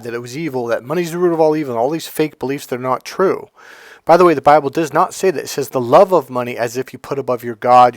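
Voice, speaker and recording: A male life coach talks in a loose, storytelling way and acts out both sides of everyday conversations. His voice sits at an ordinary middle pitch. The sound is close and dry, with no room echo. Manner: storytelling, acts out quoted exchanges with sudden high-pitched bursts. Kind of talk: casual motivational monologue.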